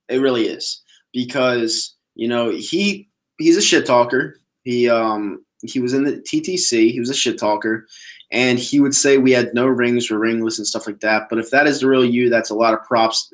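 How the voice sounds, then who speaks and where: A man hosting a casual solo sports podcast, talking bluntly and swearing as he answers viewer questions. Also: medium pitch. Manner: blunt, profane, animated ranting.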